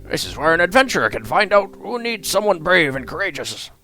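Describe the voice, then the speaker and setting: A man's voice: high-pitched, sing-song, a little fast, bright, forceful tone, faint music behind, voice pushed up, exaggerated voice. A man doing a chatty old guildmaster. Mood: friendly. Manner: chatty, reminiscing, friendly. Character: genial old male guildmaster, retired adventurer.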